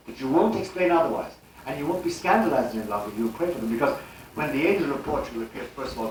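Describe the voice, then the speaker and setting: An older man giving a live religious lecture with an animated, rhetorical delivery and chuckling asides. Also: medium pitch, a little hiss or hum. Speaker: speaker. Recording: old live tape, distant and echoey.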